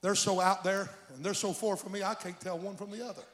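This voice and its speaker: A man preaching a sermon, telling a story in a hushed voice and then breaking into shouted exclamations. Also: high-pitched, fairly even intonation, fast talker, in a large hall.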